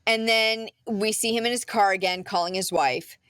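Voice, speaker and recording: A woman's voice: mid-range voice, moderate pace, fairly bright tone, clear, resonant tone. A woman podcast host in casual chat, recapping a film scene by scene, with lots of "um" and "like". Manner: chatty storyteller with frequent "um" and "like".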